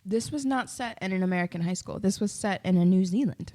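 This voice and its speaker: A woman in her late twenties co-hosting a casual podcast, excitable, giggly and slangy. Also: medium pitch, fast. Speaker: podcast co-host. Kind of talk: casual chat.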